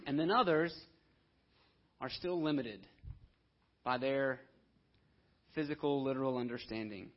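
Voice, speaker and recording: A man's voice: medium pitch, a little slow, long pauses. A man preaching a conversational sermon, now and then acting out the voices of the people in his story. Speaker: pastor. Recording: dull lo-fi audio.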